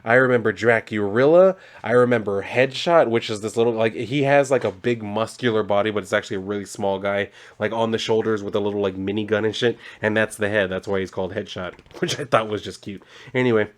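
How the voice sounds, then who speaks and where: A man's voice: fairly low pitch, fairly even intonation, fast. Man, casual comic recap, rambling, fillers, laughs. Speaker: comic reviewer.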